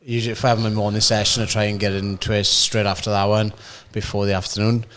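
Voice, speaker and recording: A man's voice: lowish voice, little pitch movement, fast, fairly bright tone, a little hiss or hum. A young man co-hosting a podcast, rambling with fillers and frequent swearing in casual chat. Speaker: podcast co-host.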